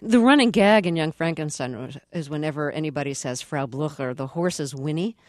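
A woman's voice: low voice, animated, brisk, darkish tone, no echo, studio quality. A woman hosting a radio interview, asking curious questions and introducing clips. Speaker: interview host.

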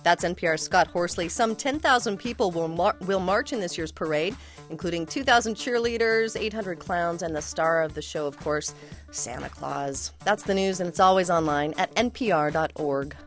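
A woman anchoring a radio newscast in a measured, clear delivery. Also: lowish voice, soft background music. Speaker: news anchor. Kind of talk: newscast reading and banter.

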